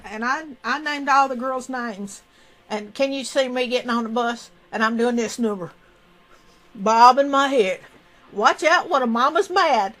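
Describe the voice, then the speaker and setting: A middle-aged woman, telling a story casually to a live chat in a folksy, animated way. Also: rough recording. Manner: folksy, animated storyteller with sudden high coaxing asides. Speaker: streamer.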